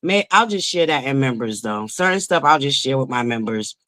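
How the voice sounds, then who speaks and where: A woman's voice: rumbling low, lively intonation, a little fast, a bit bright. A woman hosting a casual livestream from home, chatting and greeting viewers by name. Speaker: livestream host.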